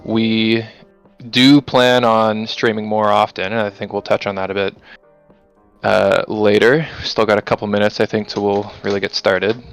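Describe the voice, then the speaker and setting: Smooth low-voiced young man hosting a stream. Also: little pitch movement, normal speed, soft background music. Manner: upbeat, greets chat viewers by name, laughs often. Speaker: stream host. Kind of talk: casual live-stream chat.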